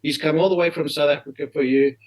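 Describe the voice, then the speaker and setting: A man's voice: fairly high pitch, fairly even intonation, fast talker, close to an everyday voice, rough recording. A South African man voicing a friendly, eager male club shop worker in a raised voice.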